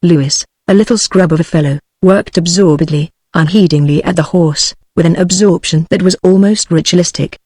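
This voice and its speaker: A text-to-speech woman's voice with a British English accent, reading a novel aloud in an even, measured way. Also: on the low side, husky, no room sound. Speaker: narrator. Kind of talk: synthetic audiobook narration.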